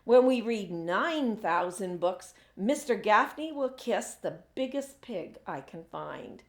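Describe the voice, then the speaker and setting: A woman's voice: mid-range voice, expressive, takes it slowly. A woman reading aloud, voicing a bossy, cheerful female teacher with emphatic, dismissive retorts. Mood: firm, upbeat. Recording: echoey room.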